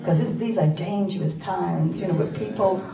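An older woman from New York, a poet telling a story to an audience, animated and laughing, repeating phrases for emphasis. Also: fairly low pitch, normal speed, creaky, crowd noise. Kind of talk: live storytelling talk to an audience. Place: conference hall. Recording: roomy, from far off, faint ambience.

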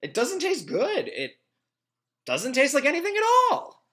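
A man voicing an unhappy young schoolgirl who is bored with everything, in a high, plaintive, wailing voice. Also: huge pitch swings, measured pace, sharp tone, exaggerated voice. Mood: puzzled.

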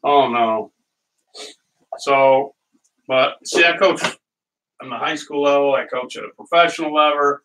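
The recording catches this middle-aged man from a distance, with a noisy background, as he hosts a cooking show in his home kitchen. His slightly high voice has fairly even intonation and a normal speed. He rambles through stories as he cooks, chatting casually and laughing often.

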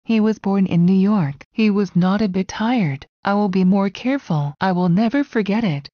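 A woman reading short English phrases aloud one at a time, in an even, deliberate way. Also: medium pitch, dry recording, dull audio.

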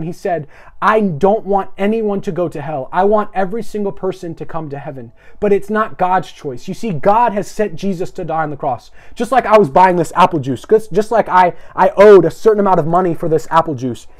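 A young man preaching an energetic live-streamed sermon, asking viewers to repeat phrases after him. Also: sits high.

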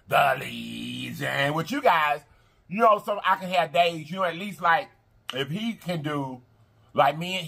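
Woman host, bright, bubbly, chatty, repeats herself a lot, casual chat to viewers. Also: deep voice. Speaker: mukbang channel host.

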